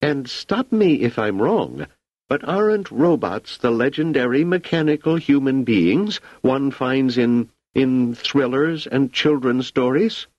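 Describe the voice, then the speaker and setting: Man voicing an agitated emperor, imperious, demanding, pitched up high, dry muffled audiobook sound. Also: animated, takes it slowly, no echo. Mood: indignant. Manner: shouting, demanding, indignant. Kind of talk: audiobook character voice. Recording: slightly muffled lo-fi recording.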